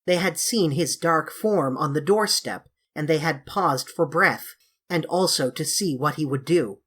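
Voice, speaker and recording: A woman narrating a children's classic in a measured, expressive way. Her voice is low and breathy, with an unhurried pace. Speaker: audiobook reader. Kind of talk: storybook narration.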